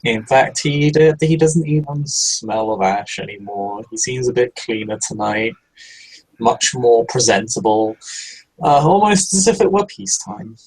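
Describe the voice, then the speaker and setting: A man's voice: medium pitch, unhurried, darkish tone, rough recording. A man player in a tabletop role-playing game, describing a character in a casual, descriptive way.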